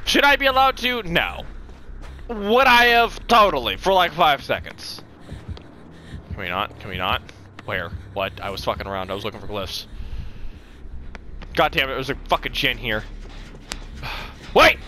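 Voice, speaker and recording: A man giving live gameplay commentary who swears a lot and swings from low mumbles to loud shouts. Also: animated, measured pace, long pauses, noisy background. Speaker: gaming streamer.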